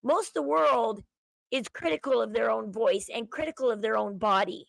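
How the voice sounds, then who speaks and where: A woman's voice: a little high, fairly quick, creaky, dry recording, low-quality recording. A woman with a Southern accent, livestream host chatting casually to her viewers, with a chatty valley-girl way of talking.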